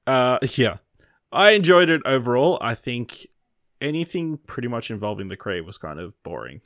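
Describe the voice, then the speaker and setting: A man co-hosting a casual film podcast, laid-back and often trailing off quietly. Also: mid-range voice, big pitch swings, normal speed, dry recording, clean studio sound. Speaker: podcast co-host.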